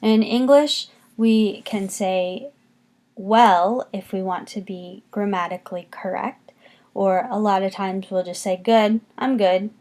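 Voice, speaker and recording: Patient teacher voice, woman, unhurried classroom delivery with lots of repetition. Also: mid-range voice, darkish tone. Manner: patient, slow, repeats words for students to copy. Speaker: French teacher. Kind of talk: recorded classroom lesson.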